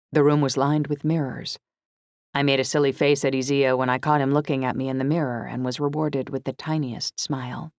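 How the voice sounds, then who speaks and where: A woman reading a first-person novel aloud in measured, scripted narration. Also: a bass voice, darkish tone, no echo, studio quality. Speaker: audiobook narrator.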